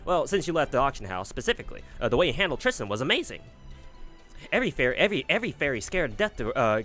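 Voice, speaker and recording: Guy doing a chipper southern girl, eager and rambly, bit higher than his own voice, game dialogue read aloud. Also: sharp tone. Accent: mock American Southern. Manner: chipper, rambling, stumbling over words. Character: chipper young woman, eager would-be attendant.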